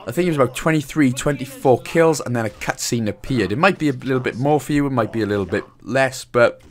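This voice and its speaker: A man's voice: medium pitch, fast. A man with a Welsh accent giving a casual, jokey game walkthrough, swearing now and then. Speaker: gaming guide host.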